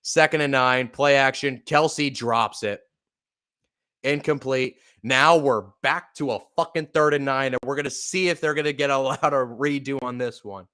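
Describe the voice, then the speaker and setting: A young man giving live, profane fan play-by-play of a football game, exasperated and bursting into loud outbursts. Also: medium pitch, normal speed, clean tone. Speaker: podcast play-by-play host.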